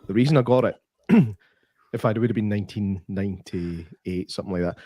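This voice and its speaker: A man's voice: lowish voice, a little fast, breathy edge, dry recording, studio quality. Chatty man telling a story with laughs. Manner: animated storyteller, laughs easily. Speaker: podcast co-host. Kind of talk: casual chat.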